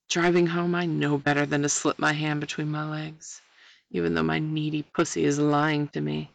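A woman reading a first-person erotic story aloud in a sultry, breathy manner that slips into whispers. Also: deep voice, level tone, normal speed, no room sound. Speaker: narrator.

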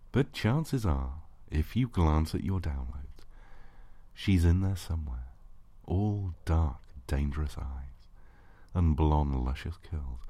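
A man narrating an intimate erotic audio story in a slow, hushed voice that often drops to a breathy whisper. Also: low-pitched, no room sound.

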